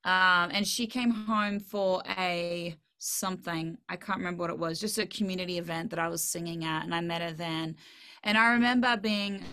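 A woman's voice: on the low side, steady tone, moderate pace, bright, forceful tone, clear, resonant tone. A young Australian woman with a slight Southern US twang, a country singer chatting as a podcast guest, bubbly and self-deprecating. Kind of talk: casual interview chat.

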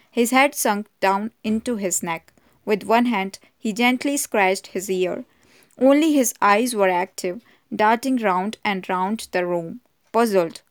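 A woman narrating a mystery novel as an audiobook in a measured, even manner. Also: mid-range voice. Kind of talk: audiobook reading.

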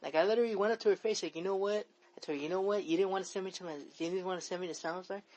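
This is a young man from talking at a rapid clip on a casual podcast. He rambles, circles back on his own words and swears freely as he vents. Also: high-pitched, a little mellow, poor audio. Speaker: podcast co-host. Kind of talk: casual chat.

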